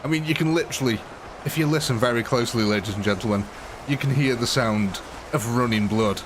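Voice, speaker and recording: A young English man hosting a live game stream, excitable and chatty, laughing often and calling his viewers ladies and gentlemen. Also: mid-range voice, fairly quick, background noise. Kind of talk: casual live gaming commentary.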